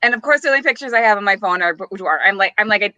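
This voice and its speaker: A woman on a podcast, chatting casually and telling an animated story, giggling and acting out the quotes. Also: medium pitch, racing, no echo, highs cut off. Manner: giggly, acts out quotes, many restarts. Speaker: podcast co-host.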